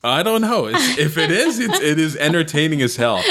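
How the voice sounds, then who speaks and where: A man hosting a podcast, reading online ads aloud in a deadpan, mock-dramatic way and swearing freely. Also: on the high side, normal speed. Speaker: podcast host.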